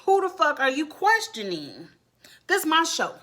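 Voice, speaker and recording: A woman's voice: fairly high pitch, expressive, moderate pace. A woman putting on a furious, domineering woman boss who curses and threatens. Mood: ranting. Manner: shouting, swearing, threatening.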